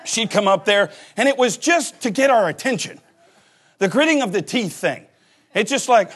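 Animated, husky pastor preaching with humor. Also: male voice, high-pitched, normal speed. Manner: joking storyteller who acts out voices and laughs. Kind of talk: humorous sermon.

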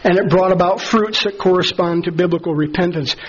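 A man preaching a sermon as pastor, earnest and measured, slowing down to stress key phrases. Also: high-pitched, breathy edge, highs cut off.

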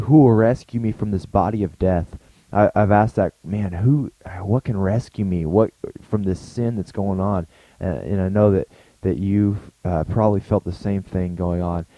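A man's voice: fairly low pitch, dark tone, no room sound, low-quality recording. A man giving a short, earnest daily devotional talk as a pastor, speaking conversationally and often restarting his sentences.

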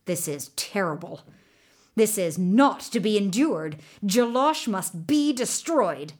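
Crooked court governor for a storybook, a woman reading, low and menacing, unhurried. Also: animated, a little mellow. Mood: scheming. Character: scheming dishonest male royal governor. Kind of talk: storybook narration.

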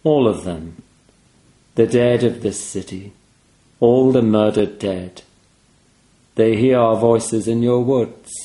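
A man voicing a calm, sad dead man who speaks quietly and with measured menace. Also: on the low side, roomy sound, low-quality recording. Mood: quietly ominous.

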